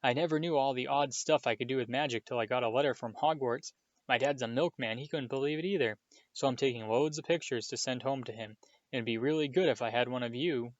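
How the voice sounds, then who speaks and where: A man's voice: medium pitch, fairly quick, dry recording, natural voice. A man voicing an eager, starstruck young boy wizard who talks breathlessly and hopefully. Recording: dull, dry lo-fi recording.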